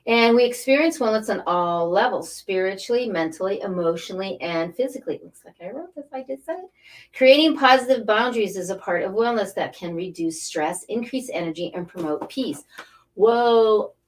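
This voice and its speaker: An animated middle-aged woman speaks at medium pitch and moderate speed in a casual inspirational talk. As a spiritual coach and angel card reader, she is emphatic, letting her thoughts wander and repeating phrases for emphasis. Her voice comes across slightly distant from the mic.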